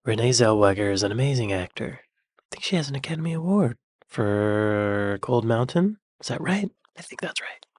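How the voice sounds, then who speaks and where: American man, reaction video host, casual musing chat, mid pitch, dry close sound. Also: lively intonation, moderate pace, darkish tone, no echo. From United States. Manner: chatty, musing aloud, drops to near-whispers.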